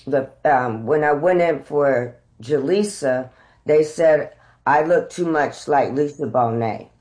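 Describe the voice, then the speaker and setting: A middle-aged actress telling candid stories about auditions, unhurried and reflective, growing animated as she retells them. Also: deep voice. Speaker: actress guest. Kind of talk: candid conversational storytelling.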